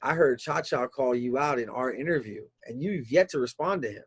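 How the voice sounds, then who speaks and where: A man's voice: mid-range voice, fairly quick, slightly rough. A man hosting a podcast, in hyped, playful banter with a guest. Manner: hyped, playful, calls people "dog". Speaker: podcast host.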